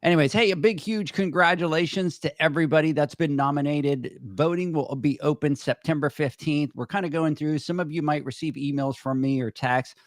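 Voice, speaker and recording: A man hosting a podcast, chatting in a relaxed way about upcoming voting and handing off to the sponsors. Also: a little high, fairly quick, few pauses, dry recording. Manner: relaxed, chatty, many restarts. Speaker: podcast host. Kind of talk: casual podcast chat.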